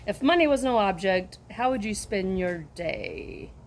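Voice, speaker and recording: A woman's voice: medium pitch, lively intonation, unhurried, a little hiss or hum. A woman chatting casually as she answers a list of questions, rambling, chuckling and trailing off as she goes. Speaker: crochet vlogger answering a tag questionnaire. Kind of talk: casual chat.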